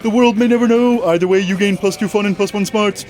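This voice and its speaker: A man's voice: sits high, fairly even intonation, fast talker, a little mellow, faint music behind. A man reading game narration aloud in a wry, mock-dramatic way.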